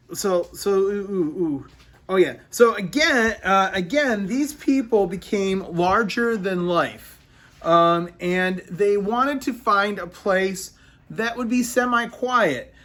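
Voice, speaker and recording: A man teaching a recorded history lesson to his students, talking haltingly with many fillers and repeating his sentences. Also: high voice, sharp tone.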